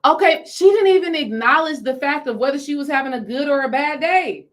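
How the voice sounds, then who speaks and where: Animated woman telling a story to her chat. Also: high-pitched, fairly quick. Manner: animated, repeats phrases, talks to viewers directly. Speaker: spiritual healing coach.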